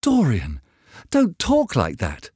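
A man's voice: high voice, wildly swooping pitch, moderate pace, no echo, clean studio sound, pitched above the performer's own voice, full character voice. A man voicing an earnest middle-aged painter who speaks in an imploring, devoted way in a storybook reading.

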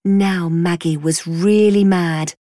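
Slow, measured woman storyteller. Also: lowish voice, fairly even intonation, mellow, dry recording, studio quality. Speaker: narrator. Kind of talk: storybook narration.

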